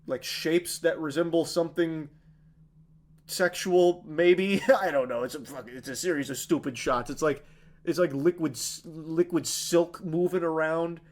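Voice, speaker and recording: Exasperated, foul-mouthed male streamer. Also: fairly high pitch. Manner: sarcastic, exasperated, swears freely; rambling with many fillers like "like". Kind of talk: casual movie recap on a live stream.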